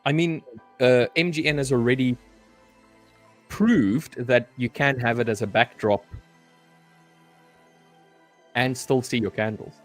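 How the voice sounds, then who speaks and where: South African man, mid-range voice, playful stream co-host who stumbles and repeats words, soft music underneath. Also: medium pitch, moderate pace. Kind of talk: casual banter on a live stream.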